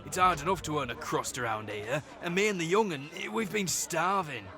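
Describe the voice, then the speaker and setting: A man's voice: a little high, expressive, normal speed, music in the background, lightly acted. An actor playing a sly male con-man who wheedles and plays for sympathy in a video game. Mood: wheedling. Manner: wheedling, theatrical.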